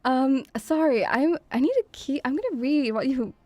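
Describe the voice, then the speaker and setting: A young woman with a high, bright-pitched voice chats on a livestream, rambling and giggling. She grew up speaking Lithuanian and often jumps into squealing, excited put-on voices. The sound is close and dry. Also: moderate pace, no room sound. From half Lithuanian, Russian father, raised in many countries. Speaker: VTuber streamer. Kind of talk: casual livestream chat.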